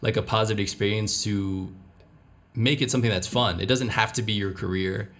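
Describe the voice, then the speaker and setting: A man hosting a podcast, introducing his guest and talking in a measured, reflective way. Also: fairly low pitch, fairly even intonation, fairly bright tone. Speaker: podcast host. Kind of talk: podcast intro and interview chat.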